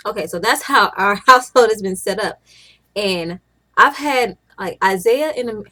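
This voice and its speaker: A woman's voice: medium pitch, normal speed, bright, forceful tone. Young woman, casual vlogger, chatty and meandering, mid-range voice. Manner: chatty, rambling, with frequent restarts and laughs. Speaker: stay-at-home mom vlogger. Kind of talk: casual chat to camera.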